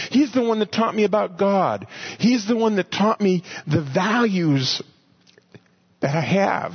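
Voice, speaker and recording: Guy preaching a bible lesson, kinda husky, restarts a lot, dull muffled sound. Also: on the high side. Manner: earnest, repeats words while finding his thought. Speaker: Bible teacher. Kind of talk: teaching sermon. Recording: muffled lo-fi recording.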